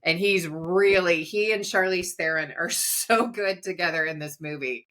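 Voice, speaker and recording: A woman's voice: on the low side, normal speed, a bit bright. A middle-aged woman hosting a podcast, chatting casually and rambling with frequent giggles. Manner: giggly, rambling, laughs often. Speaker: podcast host. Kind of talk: casual chat.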